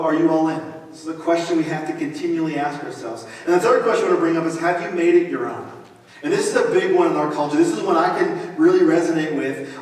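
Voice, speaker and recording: A man's voice: fairly high pitch, distant mic. A pastor in his thirties giving a conversational sermon with joking asides, recorded in a large church auditorium. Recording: echoey hall, mic from afar.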